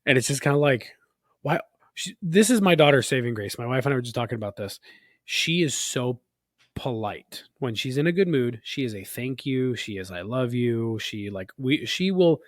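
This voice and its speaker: A man's voice: mid-range voice, moderate pace, no echo. Laughing man in his thirties, dry mic. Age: 30s. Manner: animated storytelling, laughs often. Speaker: podcast co-host. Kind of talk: casual chat.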